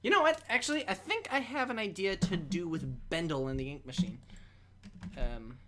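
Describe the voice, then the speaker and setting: A woman's voice: lowish voice, lively intonation, normal speed. A young woman hosting a casual livestream, chatting playfully while she draws. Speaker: livestream host. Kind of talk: casual chat while drawing.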